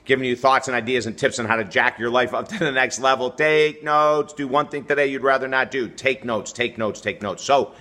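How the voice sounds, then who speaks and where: Man, middle-aged, relationship coach, energetic, conversational, bright tense tone. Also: mid-range voice, a little fast, hardly any pauses. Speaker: relationship coach and show host. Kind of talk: direct-to-camera advice video.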